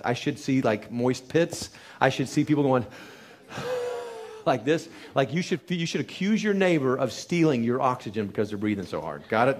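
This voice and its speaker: A man, a doctor hosting a wellness seminar, giving a lively motivational talk to a live audience and asking them lots of rhetorical questions. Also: mid-range voice. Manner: energetic, pep-talk style with rhetorical questions.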